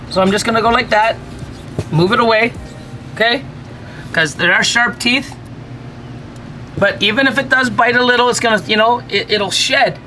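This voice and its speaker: A reptile breeder talks at a middling pitch through a hands-on feeding demonstration, chatty and reassuring. Now and then they break into mock-panicked asides before calmly setting things straight. Faint music plays under the voice, recorded indoors by the enclosures. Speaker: ball python breeder. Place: indoors beside snake enclosures.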